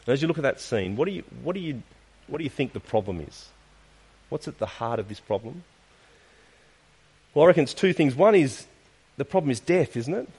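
A man's voice: mid-range voice, lively intonation, normal speed, pauses often, darkish tone, husky. A man preaching a sermon, posing rhetorical questions and tagging points with "isn't it?". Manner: asks rhetorical questions with frequent tag questions. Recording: long reverb of a large hall.

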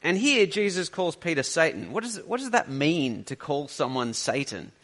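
A man's voice: fairly high pitch, big pitch swings, moderate pace, a bit bright. A man preaching a sermon, teaching earnestly and conversationally with rhetorical questions.

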